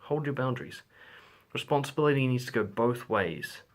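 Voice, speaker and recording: Guy coaching on relationships, blunt, swears a lot, acts out little quotes, mid pitch. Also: expressive, normal speed. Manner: blunt, swears freely, acts out example lines. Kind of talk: direct-to-camera advice vlog.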